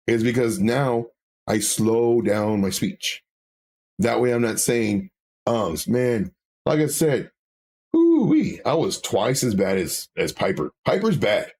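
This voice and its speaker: A man's voice: medium pitch, sing-song, unhurried, a little mellow, slightly rough. A man co-hosting a live stream, reading viewer comments and talking candidly, with many fillers and self-corrections.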